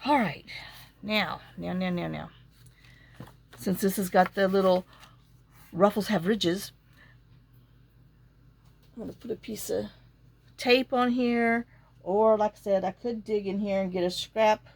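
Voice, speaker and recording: Middle-aged woman, rambling craft vlogger who mutters to herself, voice full of vocal fry. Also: medium pitch, steady tone, unhurried, long pauses, a little mellow. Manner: chatty, rambling storyteller, talks to herself while working. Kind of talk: casual chat while crafting.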